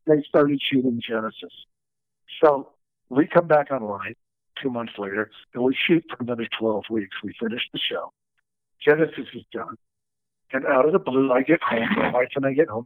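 A man tells stories from his years as a stunt coordinator and acts out the lines of the people he quotes. His voice sits at a middle pitch and sounds dry and close. It comes through a narrow, tinny, phone-like line. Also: dry recording. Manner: animated storyteller acting out quoted dialogue. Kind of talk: storytelling interview.

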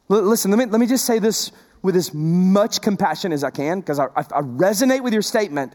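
A man's voice: high-pitched, very animated, fast talker, darkish tone, in a large hall. A male pastor preaching a sermon in a conversational, emphatic way, repeating words and adding asides to the congregation.

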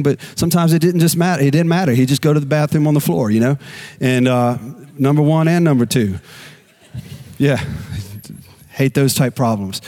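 A male pastor preaching an animated sermon, with a habit of repeating key phrases. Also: fairly high pitch.

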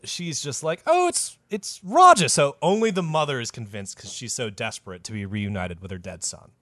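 A man hosting a casual podcast, telling a historical story with animated delivery and plenty of cursing. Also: lowish voice, a little fast, dry recording. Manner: animated, lively delivery with sudden voice put-ons.

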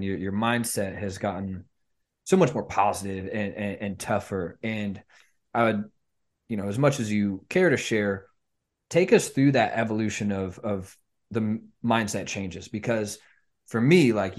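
Low-voiced male host, casual, fumbles gently into his questions. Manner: easygoing, searching for words as he asks. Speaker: podcast host. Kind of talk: casual interview chat.

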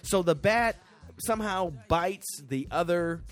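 A man chatting casually as co-host, his voice sitting a little high. He rambles through stories with many fillers and restarts. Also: slow pace. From United States. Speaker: podcast co-host. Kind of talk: casual chat.

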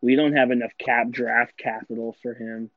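A man's voice: mid-range voice, little pitch movement, moderate pace, no room sound. A man talks in insistent, slangy bursts during casual podcast chat and laughs often. His voice sits in a middle range. It comes through a dull, lo-fi mic with a dry sound. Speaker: podcast co-host.

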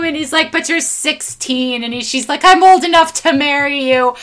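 A high-voiced woman chatting casually on a podcast, her tone bright and sharp. She sounds exasperated, swears freely and acts out lines as she recaps. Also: a little slow, few pauses. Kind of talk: casual chat recapping an anime.

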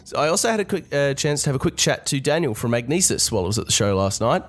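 A man hosting a podcast, talking casually in a congested, nasal voice from a cold, relaxed and rambling with restarts. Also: medium pitch, fast. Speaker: podcast host.

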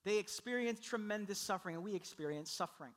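A man delivers a sermon in a notably high voice with a bright, forward tone. He tells the story with animated energy, slipping into quick voices for the characters he quotes. His pitch climbs high when he gets emphatic and drops low when he slows down. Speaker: pastor.

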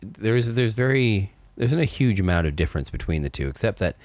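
A man's voice: lowish voice, lively intonation, a little fast, darkish tone, no room sound. A man co-hosting a podcast in casual chat, rambling and restarting his sentences in a playful way. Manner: rambling, self-correcting, playful. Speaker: podcast co-host.

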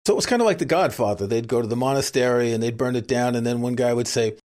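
A man's voice: medium pitch, fast talker, darkish tone. A man from New City, co-hosting a casual podcast and joking wryly. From New York City. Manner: wry, joking. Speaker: podcast co-host.

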